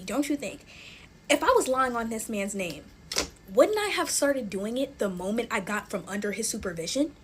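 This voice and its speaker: A woman's voice: on the high side, noisy background. Chatty young woman telling a storytime. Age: 20s. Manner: chatty, filler-heavy, addresses viewers as y'all. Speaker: TikTok storyteller. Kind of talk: casual storytime chat.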